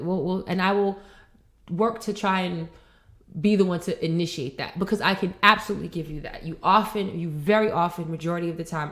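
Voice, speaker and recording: A young adult woman co-hosting a podcast, talking in a heated, rambling way with lots of swearing and restarts. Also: fairly low pitch. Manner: frustrated, rambling, swears often. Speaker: podcast co-host. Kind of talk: heated casual conversation.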